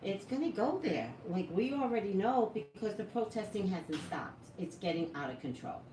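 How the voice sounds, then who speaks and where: Woman psychic vlogger, lively chatty delivery; roomy, distant, noisy home recording. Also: mid-range voice, normal speed. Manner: chatty, animated, asks viewers questions. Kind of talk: casual talk to viewers. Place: home room with an open door. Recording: echoey room, voice from off-mic, noisy background.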